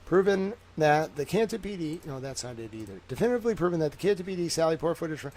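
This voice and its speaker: A man's voice: fairly high pitch, very animated, fast talker, a little mellow, slight background noise. A man hosting a casual livestream. He rambles cheerfully to his viewers and thinks aloud while he types. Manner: chatty and upbeat with viewers. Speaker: livestream host.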